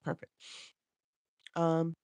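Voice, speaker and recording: A woman's voice: drawn-out words, darkish tone, dry recording. A woman coaching live streamers, chatting casually and answering viewers by name, often repeating herself. She talks into a phone.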